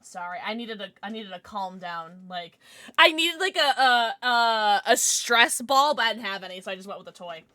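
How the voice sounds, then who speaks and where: A woman's voice: mid-range voice, animated, moderate pace, sharp tone, no echo. A young adult woman streaming live, chatting passionately with her chat and swearing freely.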